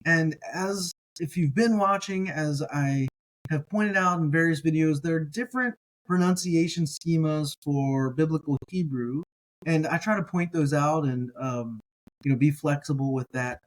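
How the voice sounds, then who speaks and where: A man teaching a relaxed, casual language lesson, carefully sounding out each word slowly and repeating it, with encouraging asides. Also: a little high, low-quality recording. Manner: relaxed, encouraging, thinks aloud with fillers. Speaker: Hebrew teacher.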